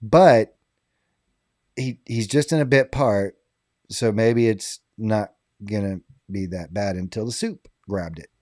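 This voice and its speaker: A man in a casual podcast chat, spinning an animated anecdote and laughing as he goes. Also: on the low side, slow pace, no room sound, clean studio sound.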